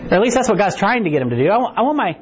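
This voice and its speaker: A man's voice: sits high, sing-song, very fast, slight background noise. A middle-aged man preaching a casual, conversational sermon in a church, acting out quotes and often asking "right?". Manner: chatty, acts out quotes, keeps asking "right?". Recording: dull lo-fi recording.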